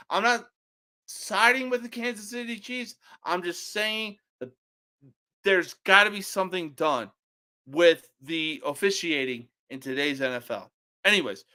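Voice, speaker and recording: Brief: young male sports podcaster, bright high voice, slow, swearing and shouting. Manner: profane, ranting, bursts into shouting. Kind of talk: casual opinionated sports picks.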